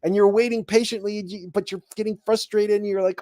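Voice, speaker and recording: Animated high-voiced man giving a spiritual talk. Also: brisk, few pauses. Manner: animated storytelling, acting out imagined people in raised voices. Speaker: host.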